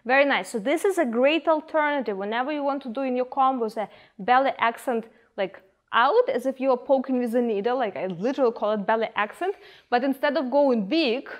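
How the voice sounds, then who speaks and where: High-voiced woman coaching a dance class. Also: brisk. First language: Ukrainian. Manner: calm, coaching cues with counting. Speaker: belly dance instructor. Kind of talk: guided dance class instruction.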